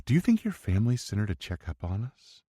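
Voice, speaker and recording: Young woman, eager and affectionate, soft lifted questions, raised voice, put on by a man, dry close sound. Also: on the low side, huge pitch swings, fast, no room sound, voice pushed up. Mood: tender.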